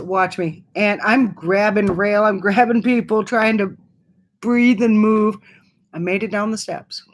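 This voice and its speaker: A middle-aged woman from Wisconsin, telling a personal story to her channel in a chatty way with many fillers and restarts. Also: mid-range voice. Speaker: vlogger.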